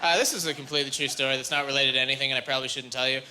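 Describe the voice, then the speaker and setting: A young man doing a stand-up routine on a comedy club stage, animated and jumping into high squeaky voices when acting out scenes. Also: rapid-fire, very noisy. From Canada. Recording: live club recording with audience laughter.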